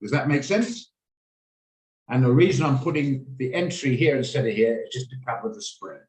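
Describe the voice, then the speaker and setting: A man's voice: medium pitch, expressive, normal speed, darkish tone, roomy sound, low-quality recording. A man hosting a live trading lesson on a video call, explaining his orders and checking in with attendees by name. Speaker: trading room host. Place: home office on a video call.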